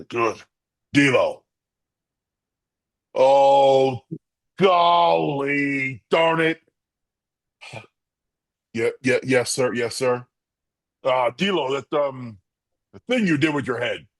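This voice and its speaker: A man's voice: mid-range voice, husky, no echo. A middle-aged man, a former wrestler, telling stories as an interview guest and acting out the quotes in them. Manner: animated storyteller, acts out quotes. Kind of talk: storytelling interview answers.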